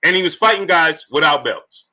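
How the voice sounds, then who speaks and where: Man, live-stream host, rhetorical questions, greets chat, sharp bright tone. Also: fairly high pitch, lively intonation, normal speed. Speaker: boxing talk show host. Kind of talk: live-stream commentary reading super chats.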